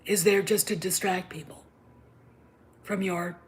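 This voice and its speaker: Middle-aged female host, low-pitched; impassioned opinion monologue with emphatic whispered asides. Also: steady tone, a little slow. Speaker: channel host.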